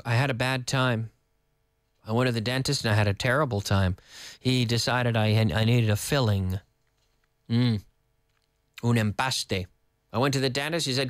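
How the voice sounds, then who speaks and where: Animated male teacher, lively pitch. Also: dry recording, studio quality. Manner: animated, playful, switches between English and Spanish. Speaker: English teacher. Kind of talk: lively TV English lesson.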